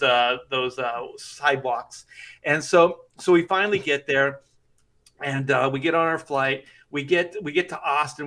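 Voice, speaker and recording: A man's voice: fairly high pitch, fairly bright tone. A middle-aged man, a comic artist, telling a rambling anecdote in casual chat and laughing through it.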